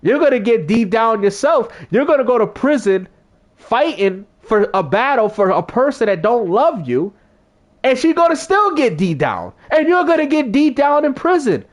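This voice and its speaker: Casual streamer man, high and swoopy, slangy storyteller who acts out every quote, faint background noise. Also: moderate pace. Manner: animated, slangy, acts out quotes with big pitch jumps. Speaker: gaming streamer.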